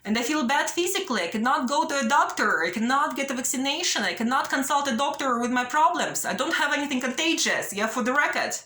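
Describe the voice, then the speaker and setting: A woman's voice: high voice, animated, quick pace, hardly any pauses, sharp tone, reverberant. A young woman vlogging straight to camera, pleading and anxious, ending many sentences with a questioning "yeah?". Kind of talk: direct-to-camera personal appeal.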